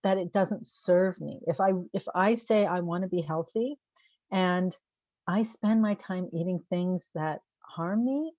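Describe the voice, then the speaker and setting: A woman's voice: fairly low pitch, unhurried, mellow, no room sound. A woman coach talking casually to the camera, posing rhetorical questions and laughing at herself. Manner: conversational, asks rhetorical questions. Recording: dull, dry sound.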